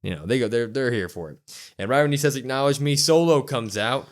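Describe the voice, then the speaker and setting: Man, podcast co-host, excited recap, acted-out quotes, medium pitch. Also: fairly quick. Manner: animated storytelling, acts out quotes with loud whoops.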